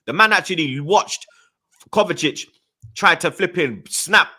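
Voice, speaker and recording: Young male football host, London street accent, animated and fired-up ranter, high-ish voice. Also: measured pace. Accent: London multicultural English. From Jamaican heritage, London. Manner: animated ranting, slang-heavy, stutters when angry. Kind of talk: heated casual football chat.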